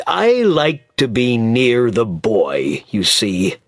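A man voicing a kindly old shopkeeper who speaks slowly and plainly, in a low, husky voice. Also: huge pitch swings, no echo, studio quality, exaggerated voice. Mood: fond.

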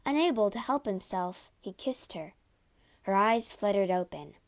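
Slow, measured woman storyteller. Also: mid-range voice, animated. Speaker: narrator. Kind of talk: storybook reading.

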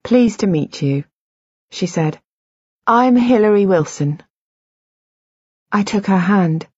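A woman's voice: medium pitch, lively intonation, slow pace, darkish tone, slightly rough, no room sound, highs cut off. A woman reading the part of an older, kindly female doctor who speaks politely and a little formally.

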